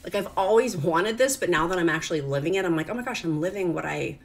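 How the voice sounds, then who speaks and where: A woman's voice: on the low side, lively intonation, quick pace. A middle-aged woman from rural Virginia, crying as she talks in a rambling, confessional vlog. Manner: tearful, confessional, rambling with many "like"s. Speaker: vlogger. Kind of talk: emotional personal vlog.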